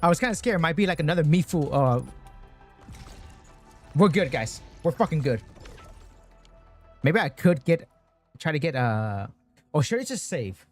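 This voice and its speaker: A male streamer chatting to his viewers over a game, cursing constantly and getting worked up in bursts. his pitch leaps around wildly as he reacts, with soft game music playing behind him. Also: moderate pace, long pauses. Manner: swears constantly, excitable, talks to chat. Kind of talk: casual gaming stream chat.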